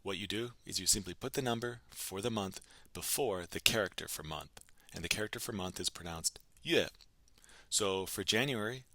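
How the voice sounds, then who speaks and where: A man's voice: low voice, moderate pace, sharp tone. A man teaching a recorded language lesson, patiently prompting each number and then giving the answer himself.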